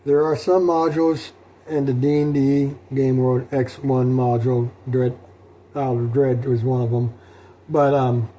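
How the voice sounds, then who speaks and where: A middle-aged man talking through his solo tabletop role-playing session in a rambling, halting way, with many fillers and restarts. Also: medium pitch, flat delivery, dark tone. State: sleepy, yawning. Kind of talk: rambling casual talk.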